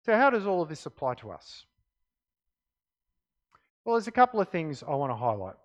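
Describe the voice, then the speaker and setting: A man delivers a sermon with a high voice. His pitch swings widely as he reads scripture and drives home each point. He often drops to quiet emphasis. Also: normal speed. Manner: expressive Bible reading, dropping to quiet emphasis. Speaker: preacher.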